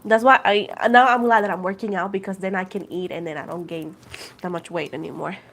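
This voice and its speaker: A woman's voice: lowish voice, brisk, noisy background. Chatty woman livestreaming to viewers. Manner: chatty, animated storytelling, repeats points a second time for viewers; addresses viewers as "guys" and "girl". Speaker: tarot reader livestreaming. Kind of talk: casual livestream chat.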